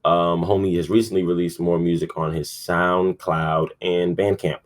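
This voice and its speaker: Casual male podcast host with a deep voice, rambling, sleepy, swears a lot. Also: little pitch movement, moderate pace. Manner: rambling, profane, lots of fillers. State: yawning, sleepy. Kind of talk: casual sports talk.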